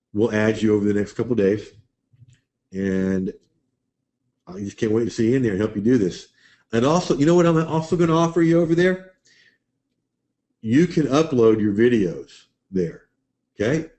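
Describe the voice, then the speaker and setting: A man's voice: fairly low pitch, dark tone. A man hosting a live webinar, chatting loosely and answering viewers' questions by name. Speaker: webinar host.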